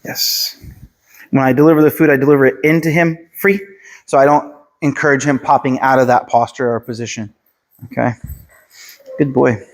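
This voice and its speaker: A man working as a dog trainer, calmly explaining his methods and giving short commands and praise to a dog. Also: medium pitch, fast. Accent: Pennsylvania. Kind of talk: instructional dog training video.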